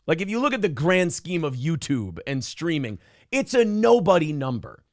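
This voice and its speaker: A man co-hosting a podcast, telling stories in a sarcastic, animated way and putting on mocking voices for the people he quotes. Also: fairly high pitch, normal speed, no room sound, studio quality. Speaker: podcast co-host. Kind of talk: casual chat.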